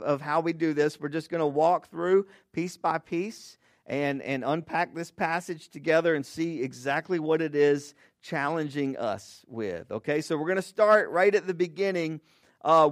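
A pastor with a fairly high-pitched male voice delivers a sermon conversationally, often tossing in "all right?" and "okay?", and prays with real earnestness. The recording is clean studio audio with no echo.

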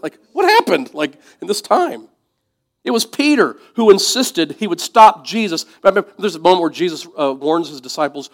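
A man preaching a sermon in a conversational, reflective way, dropping to soft asides. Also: a little high, lively intonation, a little fast. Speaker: pastor.

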